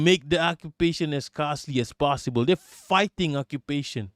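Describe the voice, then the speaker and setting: A man's voice: fairly high pitch, moderate pace, few pauses, a bit bright, no echo, clean studio sound. A young man hosting a live political commentary stream, heated and profane, often stumbling over and restarting his words.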